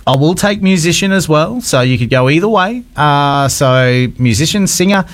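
A man's voice: on the high side, lively intonation, moderate pace. A man with an Australian accent hosting a radio call-in segment, cheery and teasing with callers. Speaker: radio host. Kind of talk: upbeat radio call-in chat.

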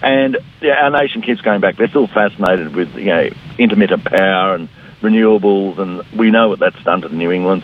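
A man's voice: mid-range voice, breathy edge. A middle-aged Australian man, a politician giving a blunt, combative radio interview. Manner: blunt, combative, mimics opponents. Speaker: politician guest. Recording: phone-line interview audio.

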